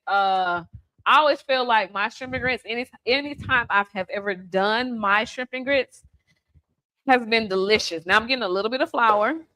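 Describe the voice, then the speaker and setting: Bright-voiced woman chatting while cooking. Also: on the high side. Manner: chatty, playful, teasing the person filming. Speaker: home cook host. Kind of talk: casual cooking demonstration. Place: home kitchen by the stove.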